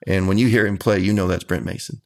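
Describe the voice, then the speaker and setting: Deep gravelly country musician man. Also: fairly even intonation, darkish tone. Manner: earnest, folksy, measured. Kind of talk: interview answers.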